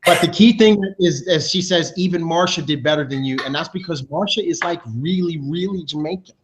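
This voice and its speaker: A man hosting a team video show, announcing awards with high energy, talking fast and restarting his sentences. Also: slight background noise. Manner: energetic, hyped, talks fast with loose restarts. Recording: dull lo-fi sound.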